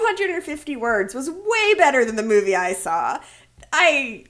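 A woman co-hosting a casual movie review chat, animated and exasperated, laughing often. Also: high voice, measured pace. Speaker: podcast co-host.

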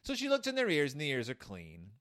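A man's voice: on the high side, wildly swooping pitch, fast, a bit bright, dry recording, clean studio sound. A man hosting a show, giving comedic commentary on a children's book, rambling with many restarts. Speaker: podcast host reviewing a children's book.

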